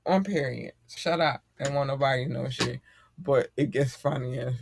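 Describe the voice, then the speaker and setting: A middle-aged man hosting a casual podcast chat, animated and profane and quick to laugh. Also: medium pitch, gravelly, a little hiss or hum. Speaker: podcast host.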